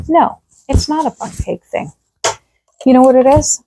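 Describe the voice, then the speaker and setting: A woman's voice: fairly high pitch, lively intonation, a little fast, heavy background noise. A woman chatting casually as she demonstrates a home recipe in her kitchen, rambling and upbeat with lots of fillers. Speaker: home cooking vlogger.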